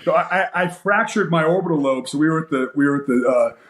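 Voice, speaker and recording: This guest is a fighter and coach in his forties, speaking quickly in a fairly high voice. Recorded in an echoey room, he tells a story in a casual interview as an animated storyteller, full of fillers and acted-out quotes.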